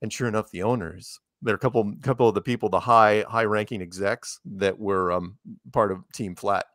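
A man's voice: lowish voice, fairly even intonation, fairly quick, a bit bright, no room sound, studio quality. A man being interviewed, telling chatty anecdotes and laughing as he goes. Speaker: interviewed guest. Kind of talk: casual storytelling interview.

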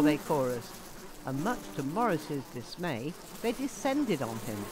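Brief: playful children's author narrating, lively delivery, noisy recording. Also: female voice, sits low, measured pace. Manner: playful and expressive. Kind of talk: bedtime story narration. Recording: noisy hiss behind the voice.

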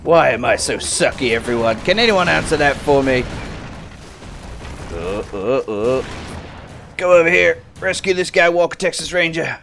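A man giving casual, excitable and self-mocking commentary while playing a video game, chatting to his viewers. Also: on the high side, moderate pace, creaky, pauses often, a little hiss or hum. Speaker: gaming video host.

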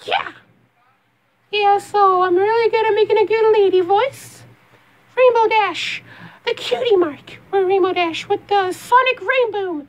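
A cocky, speedy cartoon pony girl with a very high, shrill voice, speaking slowly and showily, as a performer puts her on. She sounds bold and full of herself. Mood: showy. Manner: high, showy.

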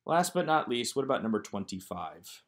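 A man's voice: mid-range voice, sing-song, brisk, a bit bright. A man teaching a recorded Hebrew grammar lesson, walking through workbook exercises one by one in a methodical, explanatory way.

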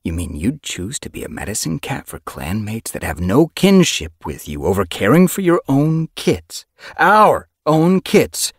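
A man voicing a hurt, angry young tom cat warrior with a sharp, accusing manner. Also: sits low, sing-song, moderate pace, hardly any pauses, breathy edge, no echo, studio quality, heavily acted. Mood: furious.

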